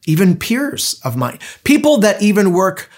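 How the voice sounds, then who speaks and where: A man's voice: sits high, sing-song, measured pace. A middle-aged man preaching a sermon as pastor, in a conversational, anecdotal way with frequent restarts.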